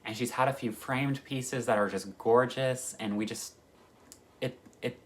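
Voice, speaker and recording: A man chatting excitedly as a cross-stitch vlogger, gushing about his stitching kits in a casual way. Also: medium pitch, a little slow. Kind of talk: casual chat.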